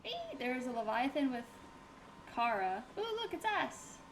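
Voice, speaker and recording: A woman's voice: high-pitched, big pitch swings, a little hiss or hum. Chatty young woman with game commentary. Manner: chatty, self-mocking, quick swings between giggles and dismay. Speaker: gaming YouTuber. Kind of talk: casual let's-play commentary.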